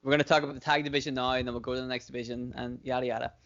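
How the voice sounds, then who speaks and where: Male podcast co-host, mid-pitched, rambly and profane, laughs a lot; dull lo-fi recording. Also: little pitch movement, racing, fairly bright tone. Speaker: podcast co-host booking wrestling shows. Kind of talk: casual chat.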